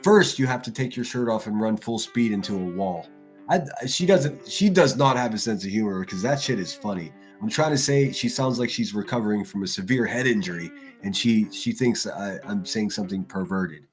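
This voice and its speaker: A man hosting a livestream, ranting in a crude, mocking way and shifting in loudness as he talks. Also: lowish voice, animated, normal speed, faint music behind. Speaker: livestream host. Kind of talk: profane livestream rant.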